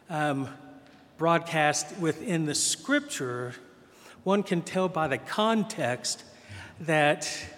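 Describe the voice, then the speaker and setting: A man preaching a sermon as pastor, telling the gospel story conversationally and acting out the quoted voices. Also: a little high. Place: church. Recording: long hall reverb.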